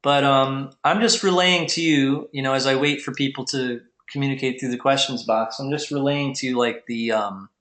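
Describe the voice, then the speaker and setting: A man's voice: mid-range voice, steady tone, moderate pace, hardly any pauses, a bit bright. A man hosting a live webinar, teaching casually in a rambling way with many fillers and restarts. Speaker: webinar host teaching domain investing. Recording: echoey room.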